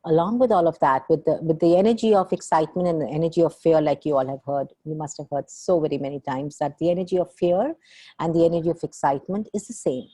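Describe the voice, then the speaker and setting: A woman leading a group coaching call as facilitator, energetic and gushing, acting out the voices she quotes. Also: low voice, fast talker, no room sound.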